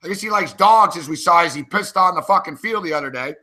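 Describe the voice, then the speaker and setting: Male betting-show co-host, high bright voice, profane rants. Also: expressive, fast talker. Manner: profane, ranting, worked up. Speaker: co-host and sports handicapper. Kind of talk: casual sports betting chat.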